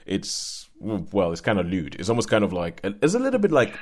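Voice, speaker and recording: Male host, lowish voice, teasing casual chat, quick laughs. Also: wildly swooping pitch, a little mellow. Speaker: podcast host.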